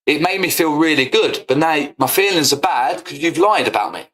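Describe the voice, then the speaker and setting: A man's voice: fairly high pitch, animated, moderate pace, fairly bright tone, low-quality recording. A young man, ranting heatedly to his stream audience, swearing and repeating his points. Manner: combative, swearing, repetitive. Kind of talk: heated casual rant.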